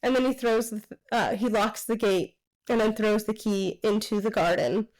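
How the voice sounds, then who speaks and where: A woman's voice: mid-range voice, normal speed, poor audio. A woman co-hosting a casual book podcast, eagerly retelling the plot and acting out the characters' lines. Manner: animated retelling with quoted voices, swearing. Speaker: podcast co-host.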